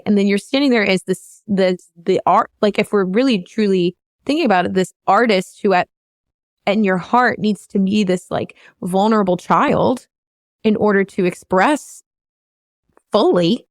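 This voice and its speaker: A woman's voice: mid-range voice, measured pace, no room sound. Brief: woman vocal coach hosting, earnest and rambling, open about feelings, dry close sound. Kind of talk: candid podcast conversation.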